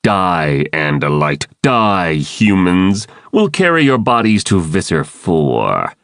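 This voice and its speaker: A man's voice: low-pitched, sing-song, takes it slowly, fairly bright tone, no room sound, studio quality, heavily acted. A man voicing a cold, sneering male alien mind-controller in an audiobook, mocking his enemies.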